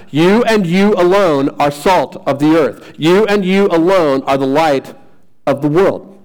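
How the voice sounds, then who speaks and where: Earnest preaching man, slightly high voice. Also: a little mellow, rough recording. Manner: earnest preaching with repetition and restarts. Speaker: pastor. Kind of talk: sermon.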